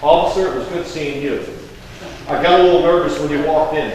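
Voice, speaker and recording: A man's voice: a little high, a little fast, a little mellow, slight background noise. A man in his sixties with a Kentucky accent, giving a folksy, joking speech as guest of honor. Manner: folksy, joking, rambling anecdotes. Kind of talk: public speech. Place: large indoor hall. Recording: echoey hall, distant mic, faint background.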